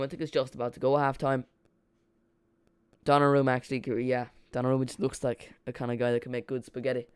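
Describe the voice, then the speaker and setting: A man's voice: medium pitch, little pitch movement, fast talker, clean tone. A man hosting a live football watch-along, rambling and joking with his chat while calling the play.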